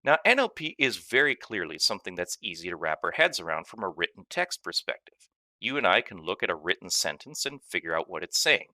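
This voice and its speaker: A man narrating a scripted technology lesson as a course instructor, explaining with lively emphasis. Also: sits low, fairly quick, no room sound, studio quality.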